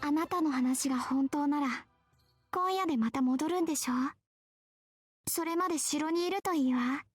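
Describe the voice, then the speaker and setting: A woman's voice: high voice, fast, soft background music, natural voice. A woman voicing a small, aloof young girl in a visual novel game, cool, composed and a little teasing.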